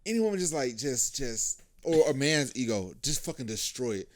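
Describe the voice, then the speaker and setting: A man's voice: mid-range voice, sing-song, normal speed. A man in his thirties co-hosting a casual podcast chat, loose and profane, laughing often. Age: 30s. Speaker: podcast co-host.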